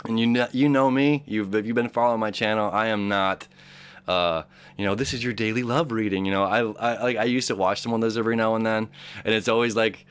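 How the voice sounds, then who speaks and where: A man's voice: fairly low pitch, fairly even intonation, brisk, clear, resonant tone. A young man hosting an astrology channel, talking casually and upbeat, rambling with many fillers and acting out little inner voices. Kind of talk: casual spoken astrology reading.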